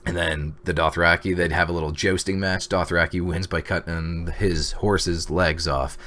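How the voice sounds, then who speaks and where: Man, very low voice, casual video review, excited, rambling, filler-heavy. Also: moderate pace. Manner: excited, rambling recap with many fillers and acted reactions. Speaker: TV episode reviewer.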